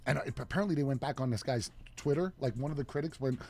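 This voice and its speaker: A man's voice: medium pitch, fast, a little mellow. A man co-hosting a radio talk show, swearing a lot as he rants in casual chat, recorded in a studio. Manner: profane ranting, heated. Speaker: co-host.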